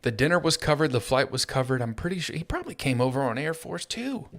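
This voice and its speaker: A man's voice: medium pitch, fast talker, fairly bright tone. A man hosting a solo political commentary show, talking in a sarcastic, mocking way. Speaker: host.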